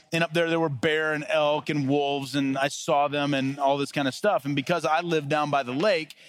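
Man, pastor, sermon, high pitch, dry close sound, storytelling, conversational. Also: dry recording. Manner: storytelling with lively acted-out quotes; casual, conversational preaching.

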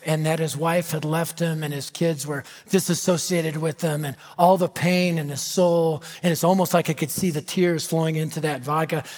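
A middle-aged American man preaching a storytelling sermon, animated and dramatic, dropping to a hush for emphasis. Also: a little high. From United States. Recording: reverberant hall.

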